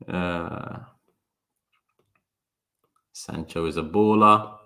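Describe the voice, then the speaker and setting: A man's voice: deep voice, sharp tone. A man, hosting a casual live-stream chat, talking to viewers by name and slipping into sarcasm and swearing. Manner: sarcastic, talks fast in bursts. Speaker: livestream host.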